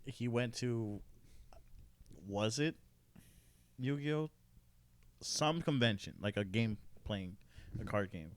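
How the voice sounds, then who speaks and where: A man on a podcast, telling a story in offhand, halting casual chat. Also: medium pitch, animated. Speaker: podcast guest.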